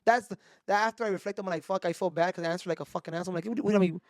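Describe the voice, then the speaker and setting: A man, a podcast co-host telling a story in animated casual chat and mixing Spanish into his English. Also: high-pitched, racing, no echo, clean studio sound. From Mexico.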